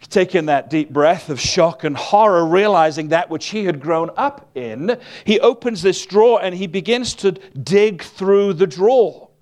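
A man preaching a sermon in a conversational, humorous storytelling manner. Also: on the high side.

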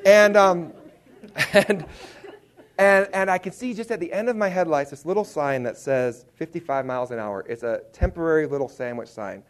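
A man telling a humorous story in a sermon as a preacher, animated and self-deprecating, acting out his own reactions. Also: fairly high pitch.

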